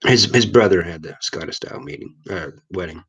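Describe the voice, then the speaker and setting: Laid-back man from Missouri, low voice. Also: brisk, fairly bright tone, husky, lo-fi sound. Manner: laid-back, rambling, chuckles often. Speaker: livestream host. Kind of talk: casual live chat with viewers.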